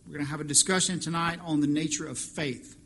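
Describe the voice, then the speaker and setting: A man's voice: fairly high pitch, fairly even intonation, quick pace, a bit bright. A man preaching a sermon as pastor, impassioned and rising to emphatic peaks. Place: church fellowship hall.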